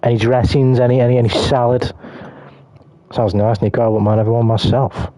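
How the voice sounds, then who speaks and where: A man's voice: mid-range voice, flat delivery, fairly quick, dark tone, no room sound. A British man chatting casually while streaming a fighting game, rambling and swearing as he jokes with his chat. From Britain. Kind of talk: casual gaming stream commentary.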